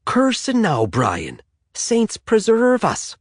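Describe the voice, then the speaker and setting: A man's voice: mid-range voice, very animated, normal speed, darkish tone, breathy edge, dry recording, clean studio sound, pitched above the performer's own voice. A man playing a joking teenage boy. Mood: mock-Irish. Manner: playful, mock Irish put-on.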